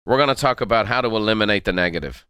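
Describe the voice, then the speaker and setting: A man's voice: lowish voice, animated, rapid-fire, pushed and bright, clear, resonant tone, no echo, studio quality. Emphatic man coaching listeners. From Ireland. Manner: emphatic, repeats key phrases, coaching tone. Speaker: podcast host and motivational speaker. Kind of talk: motivational monologue.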